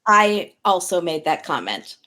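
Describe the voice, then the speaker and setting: A woman's voice: fairly low pitch, big pitch swings, a little slow, sharp tone. A woman guest on a podcast, chatting casually and dropping teasing quips. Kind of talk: casual chat.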